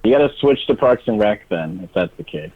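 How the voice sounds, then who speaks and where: A man's voice: on the low side, animated, brisk. A man guesting on a podcast as a wrestler, laid-back and laughing often, with hesitant fillers. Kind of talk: casual chat. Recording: husky, tinny phone line.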